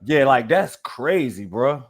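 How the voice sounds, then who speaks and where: A man's voice: medium pitch, animated, slow pace. Laid-back male podcast host. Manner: loose and rambling, talks to listeners directly. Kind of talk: casual podcast chat.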